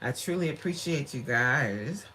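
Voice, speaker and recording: A woman's voice: a bass voice, lively intonation, a little slow, a bit bright, a little hiss or hum. A woman fitness coach chatting on a livestream, reading viewer comments aloud, laughing often, recorded on a tablet mic. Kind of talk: casual livestream chat.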